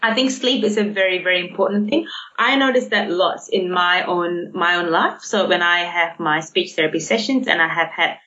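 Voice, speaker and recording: A woman's voice: fairly low pitch, normal speed, pushed and bright. An Australian woman who works as a speech therapist, talking chattily in a podcast interview and laughing often. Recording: dull lo-fi podcast audio.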